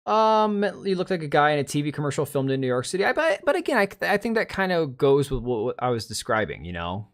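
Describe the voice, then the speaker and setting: A man's voice: a little high, sing-song, quick pace, few pauses. A man in his thirties hosting a casual livestream, rambling bluntly and reacting to chat with restarts and asides. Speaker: livestream host.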